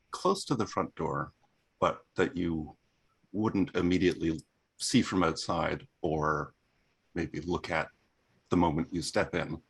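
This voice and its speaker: Slow gravelly deep-voiced male player. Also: a bit bright. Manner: measured, planning aloud. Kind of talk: tabletop game play.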